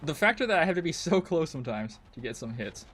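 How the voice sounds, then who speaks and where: A male game streamer with a slightly higher-than-usual voice, talking straight through his play. He rants and grumbles in frustration, and curses come thick and fast. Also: big pitch swings, fairly bright tone. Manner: ranting, frustrated, heavy swearing. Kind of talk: live gameplay commentary.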